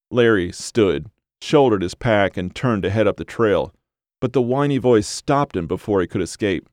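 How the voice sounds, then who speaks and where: A male audiobook narrator with a very deep voice, reading in a steady, even storytelling manner. The recording is close and dry, with no room sound. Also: moderate pace, no echo. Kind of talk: scripted narration.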